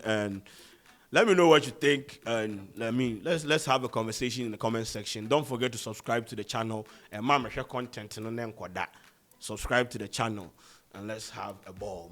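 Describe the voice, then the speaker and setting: Animated Ghanaian man commenting. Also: medium pitch, brisk. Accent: Ghanaian, Pidgin-inflected. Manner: animated, mixing pidgin and slang. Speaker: vlogger. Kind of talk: casual commentary to camera.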